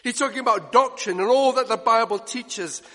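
A man preaching a sermon, emphatic, swinging between loud declarations and hushed asides. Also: very high-pitched, normal speed. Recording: long reverb of a church hall.

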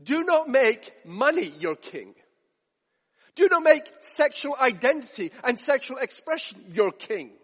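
A man's voice: extremely high pitch, fairly bright tone, in a large hall. A man preaching a sermon, emphatic with rhetorical questions and repetition.

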